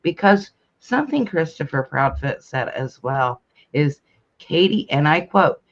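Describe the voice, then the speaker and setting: A man hosting a live stream with a fairly high voice that swings up and down a lot. He is emphatic and keeps pressing his guest and the chat for answers. The sound is dull and lo-fi. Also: sing-song, unhurried, vocal fry. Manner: emphatic, questioning, demands answers. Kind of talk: casual live-stream commentary.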